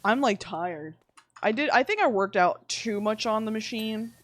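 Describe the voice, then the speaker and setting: A young woman livestreaming, chatting casually while she plays, rambling and swearing with sudden animated outbursts. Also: fairly high pitch, normal speed, no room sound. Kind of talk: casual chat while gaming.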